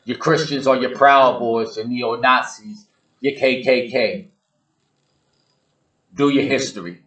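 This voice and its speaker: A male show host with a mid-range, slightly bright voice launches into a preachy monologue aimed at his listeners, blunt and emphatic, repeating points to hammer them in. The recording sounds rough.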